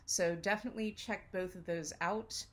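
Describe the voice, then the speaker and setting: A woman's voice: fairly low pitch, steady tone, moderate pace. Enthusiastic woman hosting. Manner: enthusiastic, warm introducer. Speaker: host. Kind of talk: show introduction.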